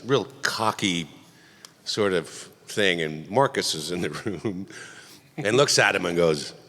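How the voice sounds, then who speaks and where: A middle-aged man answering questions at a convention panel, animated and joking, rambling loosely with plenty of asides. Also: low voice, measured pace. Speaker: voice actor panel guest. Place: large convention panel hall. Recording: echoey convention hall.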